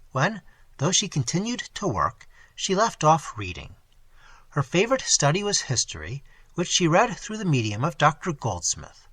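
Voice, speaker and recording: A man reading a novel aloud as an audiobook, in measured and expressive scripted narration. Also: a little high, husky, no room sound. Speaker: audiobook reader.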